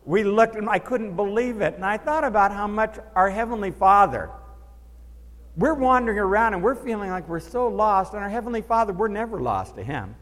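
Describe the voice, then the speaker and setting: A male pastor preaching with lively storytelling, his voice sitting a little high for a man. He acts out the characters he quotes. The sound carries a long hall reverb. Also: fairly quick. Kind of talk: sermon.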